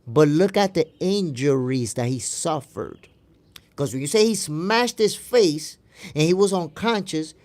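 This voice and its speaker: A man hosting a boxing stream, arguing his point emphatically, repeating lines for stress and answering chat. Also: sits high. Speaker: boxing show host. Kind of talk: live stream commentary reading chat.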